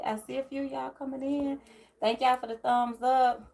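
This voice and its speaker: A woman's voice: sits high, little pitch movement, normal speed, creaky, a little mellow. A woman hosting a casual live tarot stream from home. She rambles in a loose, down-to-earth way and greets her viewers by name. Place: home, near a closet.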